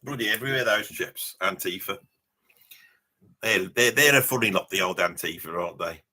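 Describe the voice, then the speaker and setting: A man's voice: sits low, moderate pace, sharp tone, exaggerated voice. A man putting on a brash, mouthy metalhead bloke with a Birmingham accent, blustering and rambling through a live reaction stream. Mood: blustery. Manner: blustering and rambling, swears casually, laughs at his own jokes. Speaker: livestream host in character.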